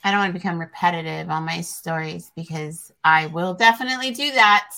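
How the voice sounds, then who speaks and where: A woman hosts a podcast interview, rambling and reflecting as she tells her stories in a casual chat. Her voice sits lowish and sounds creaky yet bright, with a brisk pace and a forceful tone.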